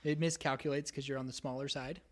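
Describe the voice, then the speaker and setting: A man running a tabletop game as game master, easygoing and quick to laugh. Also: mid-range voice, fairly even intonation, background noise. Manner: laughs often, easygoing rulings.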